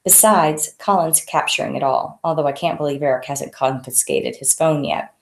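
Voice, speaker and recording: A woman author reads her novel aloud, conversational and unhurried. Her voice is low with a gravelly texture, and the recording is echoey. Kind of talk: audiobook reading of her novel. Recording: echoey room.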